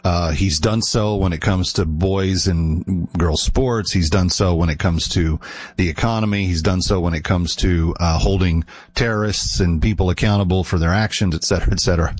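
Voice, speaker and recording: Low husky guy riffing his opinions, amused and a bit smug. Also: moderate pace. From United States. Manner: wry, amused, opinionated, chuckling asides. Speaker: political commentator. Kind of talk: casual opinion commentary.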